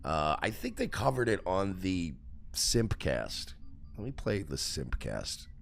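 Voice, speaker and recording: A man hosting a livestream, telling a story in a profane, animated rant. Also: low-pitched, slow, gravelly, faint music behind. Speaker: host.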